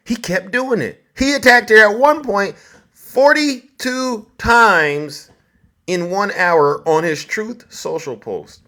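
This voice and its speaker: A man's voice: a little high, a bit bright. A man hosting a live stream, giving mocking, theatrical commentary and talking straight to his chat.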